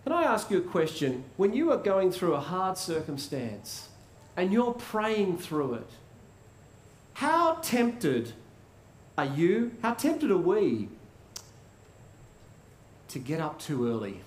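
A man preaching a sermon in a conversational way, asking rhetorical questions and pausing for effect. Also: high voice, wildly swooping pitch, a little hiss or hum. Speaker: pastor. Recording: roomy echo.

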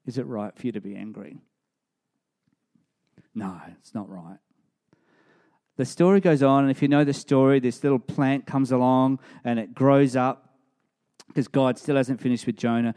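Brief: a male preacher in mid-sermon, emphatic and lively. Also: medium pitch, normal speed, long pauses. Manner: emphatic, rising to animated storytelling.

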